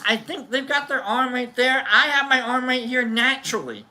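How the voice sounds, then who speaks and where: Speaking in a very high, pushed, bright voice, a man hosts a casual chat show at an unhurried pace with few pauses. His talk is rambling, self-interrupting and full of jokey asides.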